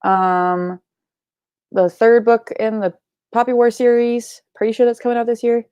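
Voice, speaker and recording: A woman's voice: a little high, level tone, a little slow, dark tone, no room sound. A young woman hosting a live book club stream, chatting casually with lots of likes and ums and the odd swear word. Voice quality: creaky. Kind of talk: casual livestream chat reading comments.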